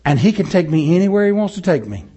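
A man preaching a sermon, moving between loud, rising passages and low, slow, soft ones, chuckling often. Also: very animated, husky, highs cut off. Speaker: pastor.

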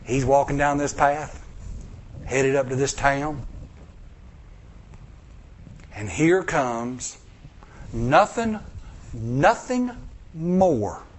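A male preacher, telling a story in a sermon, acting out voices and swinging from loud bursts to hushed lines. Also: medium pitch, lively intonation, drawn-out words, pauses often.

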